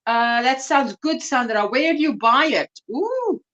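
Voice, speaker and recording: A woman's voice: high voice, sing-song, measured pace, fairly bright tone, lo-fi sound. A South African woman hosting a casual livestream chat, chatty and laughing often as she reads viewer comments aloud. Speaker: livestream host.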